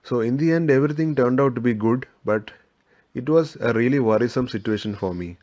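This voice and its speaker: A man giving a practice speaking test answer in a flat, monotone voice, with his pitch only dropping at the ends of sentences. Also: a little fast. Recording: dull lo-fi recording.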